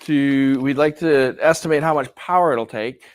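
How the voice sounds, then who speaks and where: A man's voice: medium pitch, normal speed. A male professor giving a classroom lecture in a conversational way, often checking in with "right?". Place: lecture hall.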